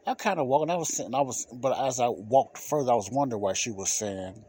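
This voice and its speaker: Husky-voiced man telling a story. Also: medium pitch, fast, few pauses. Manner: animated, laughs often, loose colloquial speech. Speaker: podcast host. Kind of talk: casual storytelling monologue.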